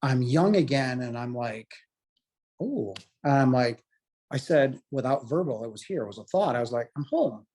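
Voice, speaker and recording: A man's voice: medium pitch, a little fast, darkish tone. A man in his late forties, a guest telling a personal story in an earnest, heartfelt and emotional way. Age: late 40s. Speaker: guest telling his near-death experience.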